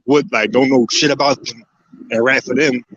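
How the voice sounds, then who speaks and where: A man's voice: medium pitch, fairly even intonation, moderate pace, a bit bright, no echo, dull audio. A man in casual podcast chat, talking loose and slangy with lots of profanity.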